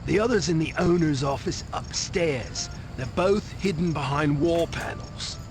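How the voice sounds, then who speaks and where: A laid-back informant, shaky Cockney. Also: male voice, a little high, animated, measured pace, vocal fry. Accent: weak attempt at Cockney. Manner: casual, surfer-like delivery. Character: streetwise male informant in a game. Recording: game audio with loud ambient noise.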